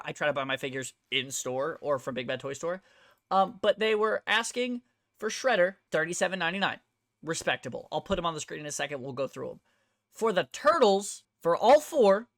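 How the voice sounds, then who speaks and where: A woman's voice: fairly low pitch, a bit bright, no room sound, studio quality. Heated, swearing woman ranting on a vlog. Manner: heated, blunt and profane; emphatic, with rhetorical questions to the viewer. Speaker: host. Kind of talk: ranting toy-collector vlog.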